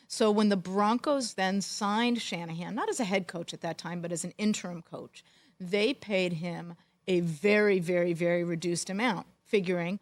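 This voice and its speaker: Wry, animated woman telling a story. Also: fairly low pitch, normal speed. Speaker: podcast co-host, former football executive. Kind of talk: storytelling in casual chat.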